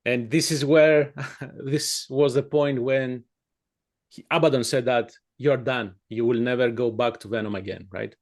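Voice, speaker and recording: A male interviewer with a mid-pitched voice, speaking over a video call. He puts his questions hesitantly, with plenty of fillers. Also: steady tone, measured pace.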